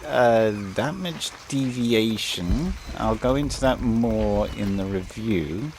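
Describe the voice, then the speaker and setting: A man rambles through casual gameplay commentary, hesitating and restarting often. His voice sits a little low. Faint background noise runs under him. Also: slow pace, darkish tone.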